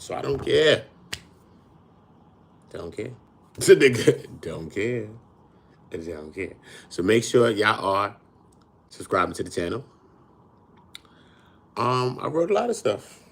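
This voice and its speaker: A man's voice: low voice, gravelly, a little hiss or hum. A man hosting a casual livestream, talking in a blunt, boastful way full of street slang. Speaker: livestream host.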